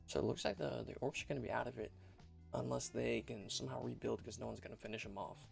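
A young man talks through a simulation game in a loose, chatty way, circling back and repeating himself as he goes. His voice is heavily gravelly with lots of vocal fry, pitched at an ordinary male level. Faint game music plays quietly underneath. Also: steady tone, quick pace. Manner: rambling and chatty, repeats and restarts phrases. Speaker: game commentator. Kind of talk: casual let's-play commentary.

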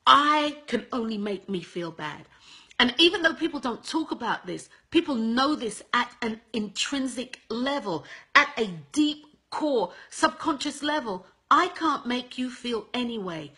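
A woman's voice: fairly high pitch, animated, measured pace, sharp tone, breathy edge. A woman hosting a motivational advice talk, emphatic and repetitive, calling her viewers guys. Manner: emphatic, repeats points, addresses viewers as guys. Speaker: host.

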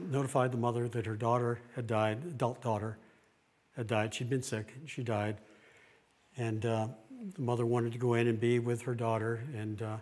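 A middle-aged man, a pastor, giving a plain-spoken sermon-style talk, earnest, with pauses and restarts. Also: medium pitch, darkish tone.

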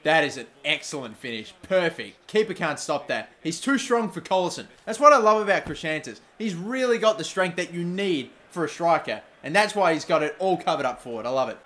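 A young man commentating his football video game. He gets excitable, swears and yells at his players. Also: fairly high pitch, a little fast, hardly any pauses. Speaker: gaming YouTuber. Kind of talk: gameplay commentary.

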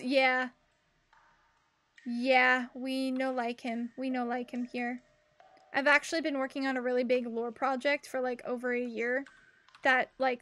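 Bubbly young woman streamer, high voice. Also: a bit bright. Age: young adult. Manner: chatty, bubbly, talks to chat while playing. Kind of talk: casual game commentary. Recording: faint game music behind.

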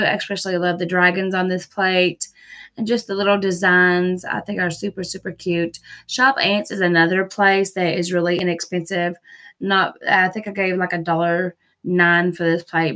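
A woman with a lowish, fairly bright voice talks at normal speed with flat delivery. She's vlogging a nail-product haul in casual chat from a busy home with TVs and dogs, gushing, repeating herself and using casual fillers.

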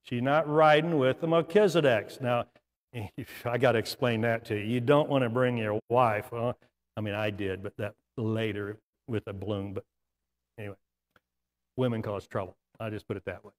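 A man's voice: mid-range voice, fairly even intonation, normal speed, big-room sound. An older man, a pastor, preaching a sermon in folksy storytelling style with asides and laughs. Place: church sanctuary.

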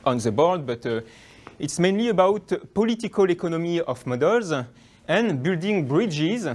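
A man's voice: high-pitched, sing-song, moderate pace, a little mellow. A young man from France with a French accent, giving a hesitant academic talk with many fillers and restarts. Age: young adult. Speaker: guest lecturer.

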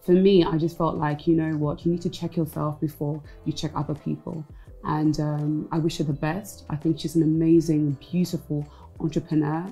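A woman's voice: deep voice, creaky, warm tone, rough recording. A woman, a former reality show contestant, talking frankly in a casual interview and slipping Igbo phrases into her English.

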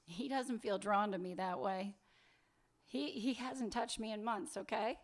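A woman reading a sharp-tongued lover. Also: medium pitch, unhurried, natural voice. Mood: bitter. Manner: cutting, sarcastic and impatient. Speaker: reader of a story's dialogue. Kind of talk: live fiction reading.

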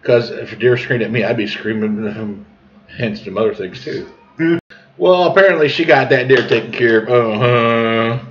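A man in his 40s, a storyteller from southern Missouri, tells a rambling folksy tall tale at a moderate pace in a medium-pitched voice. He chuckles whenever he strays onto a tangent. The recording sounds dull and lo-fi.

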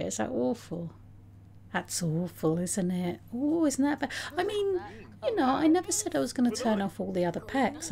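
A woman's voice: a little high, vocal fry, mellow. A woman giving casual, chatty commentary on her game, talking to her characters and laughing often. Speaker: let's play host.

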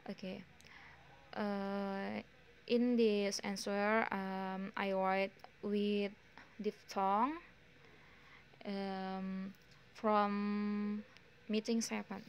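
A young woman with an Indonesian accent, a student slowly reading her pronunciation exam answers with frequent pauses and fillers. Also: medium pitch, flat delivery, highs cut off, slight background noise. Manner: slow, halting delivery with many pauses and fillers.

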